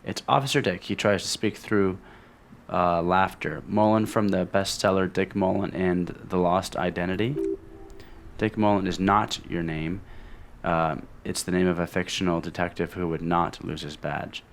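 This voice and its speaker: A man's voice: low voice, level tone, normal speed, slight background noise. A man casually commenting on a video game as he plays, reading its dialogue aloud between offhand remarks. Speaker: let's play host.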